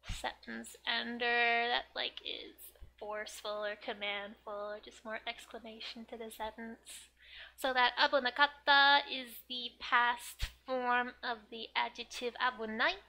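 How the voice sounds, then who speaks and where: A woman's voice: on the high side, sharp tone, slight background noise. A young woman giving a casual language lesson, chatty and thinking aloud with fillers and frequent laughs. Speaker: Japanese language tutor.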